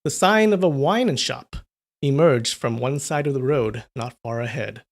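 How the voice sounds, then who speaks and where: A man reading a novel aloud on a livestream, breaking off for relaxed chat with viewers' comments. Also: medium pitch, moderate pace. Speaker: livestream storyteller.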